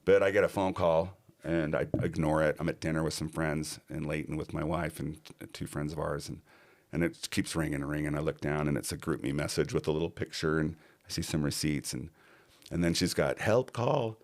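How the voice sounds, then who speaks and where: A man's voice: extremely low pitch, little pitch movement, a little fast. A middle-aged man, a podcast guest, telling a personal story in earnest and acting out other people's lines.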